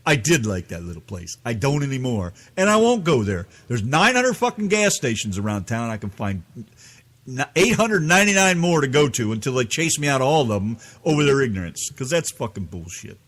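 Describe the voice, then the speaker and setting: A man's voice: medium pitch, sing-song, fairly quick, fairly bright tone. A man from the United States telling an angry, profane story as a podcast co-host. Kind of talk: ranting storytelling.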